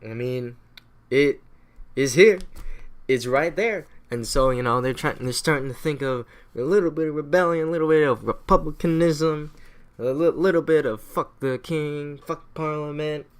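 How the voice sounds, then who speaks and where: A man's voice: on the high side, moderate pace. Profane, rambling man recapping history. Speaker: history explainer.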